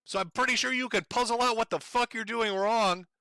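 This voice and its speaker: Middle-aged guy ranting on stream, mocking n sweary, highish voice, real dry mic. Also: a little fast, pushed and bright, no room sound. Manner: profane, mocking, sarcastic. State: in pain from broken ribs, on medication. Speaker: livestream commentator. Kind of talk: angry ranting commentary.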